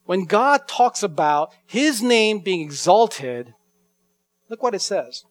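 A man with a high, light voice preaches an expository sermon, drawing out each scripture line slowly before explaining it. The sound is close and dry, with almost no room around it. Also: animated, a bit bright, dry recording. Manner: expository preaching, slows down to read scripture with emphasis. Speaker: pastor.

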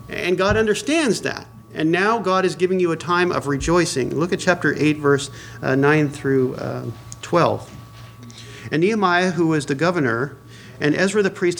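A man with a slightly higher-than-usual voice preaches a sermon to his congregation. He keeps it conversational, full of "uh" and restarts, and poses questions to the listeners. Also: a bit bright. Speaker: pastor.

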